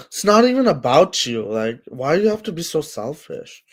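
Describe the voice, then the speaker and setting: A man's voice: a little high, sing-song, moderate pace. A man hosting a casual livestream, talking to his chat with lots of fillers and scolding trolls. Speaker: livestream host.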